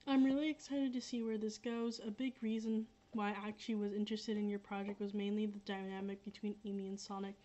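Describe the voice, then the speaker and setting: A woman's voice: mid-range voice, flat delivery, fast, few pauses, warm tone. Rambling young woman on a dull livestream mic. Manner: rambling, filler-heavy, repeats herself. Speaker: livestreaming creator. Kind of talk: casual livestream chat reading comments.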